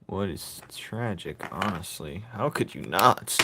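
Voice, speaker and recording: A playful man chats while drawing, laughing at his own silly jokes. His voice swoops up and down with lots of life, but he talks at an easy, slow pace. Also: low-pitched, expressive, bright, forceful tone, a little hiss or hum. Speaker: artist drawing on stream. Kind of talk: casual chat while drawing.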